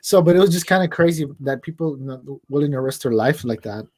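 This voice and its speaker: Higher-voiced man telling a story. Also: expressive, fast talker, a little mellow, a little hiss or hum. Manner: storytelling, many fillers like "like". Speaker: guest. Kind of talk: casual chat.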